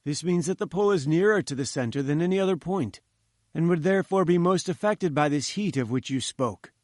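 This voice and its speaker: A man's voice: a little high, brisk, dry recording, studio quality, voice pushed up, close to an everyday voice. A man voicing a pompous, patronizing older professor who lectures condescendingly in an audiobook reading. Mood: lecturing.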